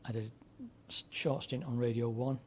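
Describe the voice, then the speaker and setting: This is a seventy-something man, a former DJ, spinning his life story for a podcast interviewer. His voice sits in a mellow, dark register at an ordinary pitch. He wanders through anecdotes with fillers and restarts. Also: fairly even intonation, moderate pace, slight background noise. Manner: rambling anecdotal delivery with frequent fillers and restarts. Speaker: guest, former DJ and broadcaster. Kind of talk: conversational storytelling.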